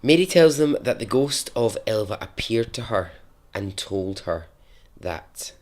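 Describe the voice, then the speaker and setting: A man's voice: on the low side, expressive, a little slow, darkish tone. Giggly man telling a story. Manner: giggly, laughs often, chatty asides. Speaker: podcast host. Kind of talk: casual storytelling.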